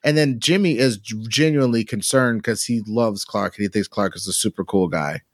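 A man co-hosting a podcast in a relaxed, slangy way, chatting about comic art and drawing some words out. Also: lowish voice, moderate pace, dry recording, studio quality. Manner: laid-back, slangy, drawls some words. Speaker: podcast co-host.

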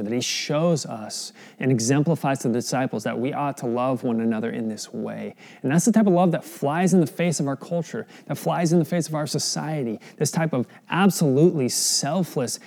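A young adult pastor preaches a sermon in an earnest, conversational way, often putting questions to his listeners. His voice is medium in pitch, creaky, and darkish in tone.

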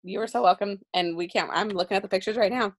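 A woman co-hosting a podcast, chatting casually in a middle-pitched voice. She gushes and agrees readily, with a warm, openhearted way of talking. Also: fast talker, slight background noise. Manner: warm, gushing, full of agreement. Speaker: podcast co-host. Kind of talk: casual chat.

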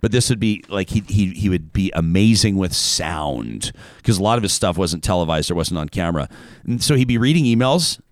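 A man's voice: sits low, very animated, brisk, no echo, clean studio sound. A man hosting a casual talk show, reading out a listener email and wandering off on tangents.

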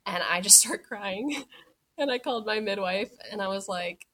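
A young woman guesting on a podcast shares her birth story in a medium-pitched, slightly bright voice with lively intonation and a moderate pace. She's chatty, leans heavily on "like," and acts out her past words as she tells it.

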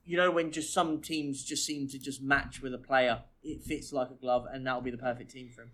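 A man's voice: mid-range voice, fairly even intonation, brisk, fairly bright tone. A man co-hosting a football podcast, easygoing and jokey, agreeing readily with his co-host. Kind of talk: casual football podcast chat.

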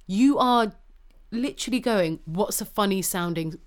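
On a podcast, a woman co-host argues heatedly in casual conversation, swearing freely as she makes her points. She's passionate and animated, speaking unhurriedly in a mid-range voice.

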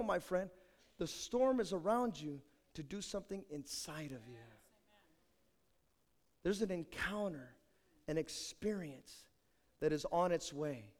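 A male pastor preaching a sermon with dramatic storytelling, swinging between loud and soft. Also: fairly high pitch, expressive, a little slow, pauses often. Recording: echoey hall.

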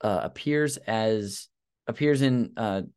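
A man with a somewhat low voice hosts a casual podcast chat. He rambles and hesitates, filling gaps with ums while making self-deprecating asides. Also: slow pace, a little mellow, clean tone. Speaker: podcast host.

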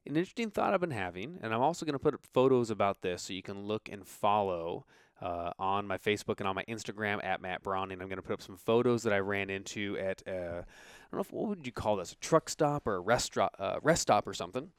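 A man's voice: lowish voice, animated, fast, smooth, dry recording. A man hosting a podcast, talking casually and upbeat, rambling with fillers into a close mic. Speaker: podcast host.

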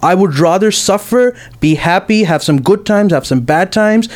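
A man's voice: sits high, lively intonation, moderate pace, a little mellow. A young man arguing his point insistently in a casual debate. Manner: insistent, emphatic.

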